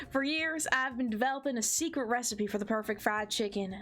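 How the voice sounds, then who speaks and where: A woman's voice: on the high side, moderate pace, a bit bright, close to an everyday voice. A woman voicing an older male fried-chicken chef in a dating game, with a folksy drawl and howdy-style greetings. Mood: proud.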